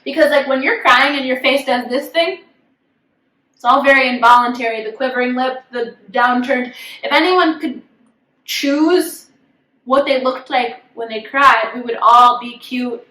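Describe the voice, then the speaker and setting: An animated woman co-hosts a podcast in casual chat and slips into acted-out quotes full of "like". Her voice is high and bright. She sounds a bit distant from the mic, in an echoey room. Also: unhurried. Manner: animated, acts out quotes with lots of "like". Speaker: podcast co-host.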